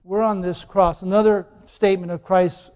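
The pastor's high, soft-edged voice is smooth and flat in delivery, moving at a moderate pace as he asks the congregation questions and repeats key phrases. A long reverb fills the large church hall, and the recording sounds muffled and lo-fi.

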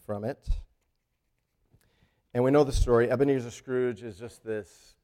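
A man's voice: mid-range voice, a little mellow. A man who teaches school, talking earnestly about a story's theme, often repeating words and restarting sentences. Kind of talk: reflective talk on a story's theme.

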